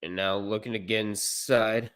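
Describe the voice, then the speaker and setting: A man doing amateur play-by-play commentary on a livestream, unpolished and correcting himself, with deadpan asides. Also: fairly low pitch, normal speed, smooth.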